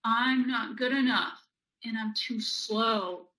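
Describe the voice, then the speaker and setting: A woman's voice: on the high side, slow pace, rough recording. A woman voicing a schoolchild who is frustrated with homework, speaking as the child in first person. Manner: complaining, then talking self into calm.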